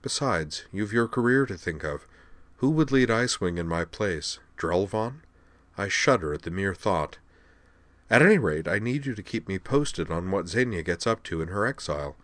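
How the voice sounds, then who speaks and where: Man voicing a self-assured young noblewoman, brisk, dry wit, slightly raised pitch, audiobook. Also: lively intonation, a bit bright, dry recording. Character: confident young noblewoman pilot heir.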